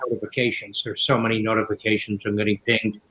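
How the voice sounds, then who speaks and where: A man comedian guest on a video chat, talking in a relaxed, rambling way. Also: on the low side, fast. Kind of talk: casual chat. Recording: roomy echo.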